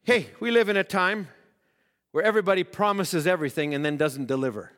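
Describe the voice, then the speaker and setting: A man's voice: high-pitched, brisk, fairly bright tone, big-room sound. A man preaching a sermon, reading scripture aloud and building to emphatic, rising appeals. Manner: preaching with rising emphasis, voicing quoted prayers.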